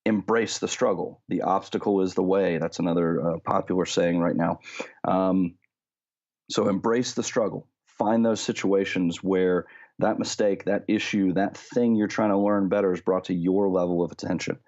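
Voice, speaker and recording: A man presenting a podcast segment on practice and movement, explaining in a measured way with frequent fillers. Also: sits low, fairly even intonation, a little mellow, highs cut off. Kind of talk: instructional talk.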